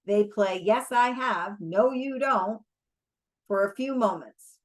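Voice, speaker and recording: A woman reads a novel aloud in a measured, deliberate manner. Her pace is unhurried, and her pitch sits in a middle range. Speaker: audiobook reader.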